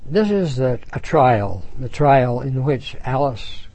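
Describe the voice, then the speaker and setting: A man giving an unhurried, reflective spiritual talk, with halting restarts, reading passages from a book aloud. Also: medium pitch, sing-song, a little mellow, rough recording. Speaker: spiritual teacher.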